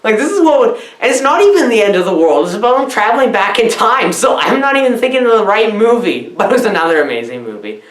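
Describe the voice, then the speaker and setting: A woman giving a rambling comic film review, loud and scattered, jumping between silly asides and squealed quotes. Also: mid-range voice, big pitch swings, fast talker, hardly any pauses, roomy sound. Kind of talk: rambling deadpan comedy review.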